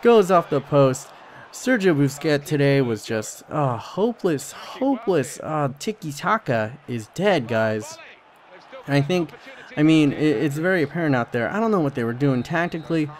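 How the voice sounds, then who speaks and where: A man's voice: fairly high pitch, lively intonation, moderate pace. Casual young male gameplay commentator. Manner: rambling, many fillers and restarts. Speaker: gaming channel host.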